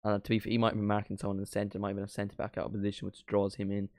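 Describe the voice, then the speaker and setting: A young man doing a live football watchalong, reacting to the match and chatting with viewers, bursting into shouts at big moments. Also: fairly low pitch, completely flat delivery, very fast, dry recording, clean studio sound. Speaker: watchalong streamer.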